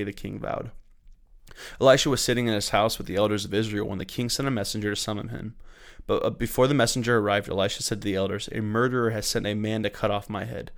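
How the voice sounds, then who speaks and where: A man hosting a daily Bible reading, reading scripture aloud in a measured, unhurried way, with small slips he corrects and a lift in his voice for quoted speakers. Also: on the low side, fairly even intonation, vocal fry. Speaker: church Bible reading host.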